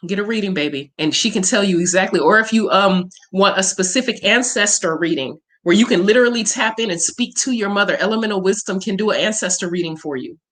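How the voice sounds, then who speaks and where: A woman's voice: medium pitch, fast talker, hardly any pauses, fairly bright tone. A woman hosting a casual livestream Q&A as a spiritual reader, talking in a candid, emotional and profane way.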